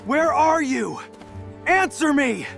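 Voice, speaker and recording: A man voicing an anxious father in a cartoon, calling out from a distance with a lively, rising and falling voice. He speaks slowly, with music clearly heard behind him. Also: very high-pitched, full character voice. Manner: calling out loudly from far off. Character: worried father searching for his son.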